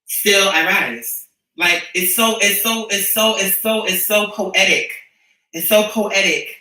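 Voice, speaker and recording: A man's voice: high-pitched, pushed and bright. A man giving an emotional personal testimony, earnest and spiritual, often stumbling and repeating himself as he speaks. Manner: earnest, repetitive, spiritual, halting restarts. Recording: echoey room, distant mic.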